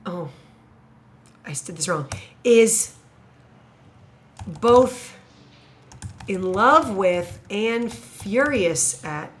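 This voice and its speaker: A woman teacher thinking out loud as she writes an essay paragraph, musing, hesitating and correcting herself as she goes. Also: mid-range voice, animated, very slow, long pauses. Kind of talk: thinking aloud while writing an essay paragraph.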